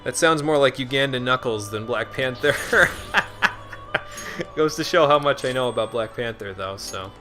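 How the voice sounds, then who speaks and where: A man's voice: mid-range voice, a little slow, bright, forceful tone, faint music behind. A man giving casual live-stream commentary on a game, chatting to viewers in a self-deprecating way. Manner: chatty, answers chat, self-deprecating with restarts.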